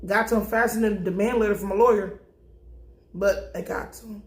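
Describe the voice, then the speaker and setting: Recapping a TV episode with slang, swearing and jokes, this young adult vlogger speaks at a mid-range pitch, fairly quickly, with fairly even intonation. It was recorded in an echoey room.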